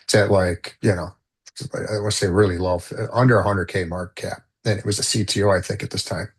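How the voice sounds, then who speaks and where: Low-voiced man rambling through a story. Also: steady tone, fast talker, husky. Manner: rambling, full of fillers and restarts. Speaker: podcast guest. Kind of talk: casual storytelling in conversation.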